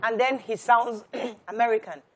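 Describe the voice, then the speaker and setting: A woman's voice: a little high, measured pace, fairly bright tone. A woman moderating a talk show panel, posing questions and framing hypotheticals. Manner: probing, asks questions. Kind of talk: studio panel discussion.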